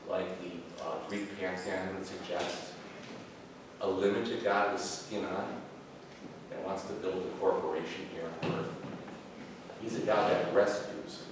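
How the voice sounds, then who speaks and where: Man, Bible class teacher, halting and informal, recorded far off in a reverberant room with background noise. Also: low-pitched. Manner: conversational, halting, with many fillers and restarts. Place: church classroom. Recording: very echoey room, far from mic.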